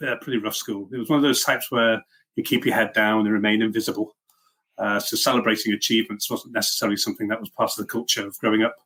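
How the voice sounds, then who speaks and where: A middle-aged software engineering leader from Liverpool, England, whose accent mixes Liverpool and Welsh, chats casually as an interview guest. His voice is on the low side, fairly bright with a breathy edge, and he is self-deprecating, full of fillers and restarts.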